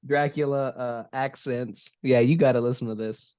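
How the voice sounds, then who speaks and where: A man's voice: mid-range voice, a little fast, creaky, hardly any pauses, mellow. A man hosting a casual movie podcast, laid-back and full of "like" and "man". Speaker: podcast host.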